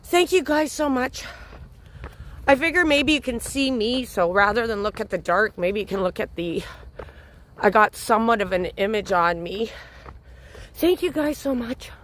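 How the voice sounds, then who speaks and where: Pausing often, a woman with a somewhat bright, high-ish voice speaks at a moderate pace while livestreaming her night walk in a city park. She chats casually with her phone in hand, answering viewers by name.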